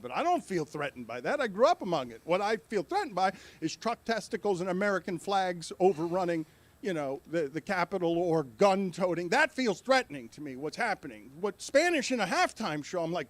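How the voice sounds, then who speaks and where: A man's voice: high-pitched, sing-song, a little fast, no echo. A middle-aged man, a sports media commentator, arguing his point in a passionate, emphatic way. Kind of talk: opinionated commentary clip.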